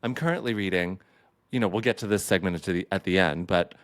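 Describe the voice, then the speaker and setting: Podcast host, man in his thirties, campy and caffeinated, deep smooth voice. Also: quick pace, dry recording, clean studio sound. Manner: chatty and playful, with campy asides. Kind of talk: casual solo podcast chat.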